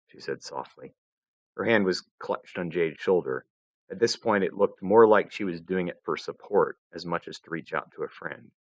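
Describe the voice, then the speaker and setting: A man narrating his own fan fiction in an expressive storytelling reading. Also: low-pitched, moderate pace, dry recording. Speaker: fanfiction reader.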